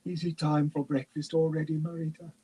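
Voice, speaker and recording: An ancient red dragoness, put on by a man reading aloud, murmuring in a sleepy, husky voice. She sounds drowsy, gentle and very old, her tone raised high and dark. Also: flat delivery, fairly quick, poor audio. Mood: sleepy, fond. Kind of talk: audiobook-style reading.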